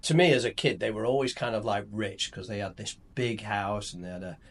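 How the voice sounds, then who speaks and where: A man's voice: fairly low pitch, brisk. A middle-aged man, a company founder chatting casually on a podcast, rambling and telling stories with many restarts. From England. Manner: relaxed, rambling storyteller with restarts.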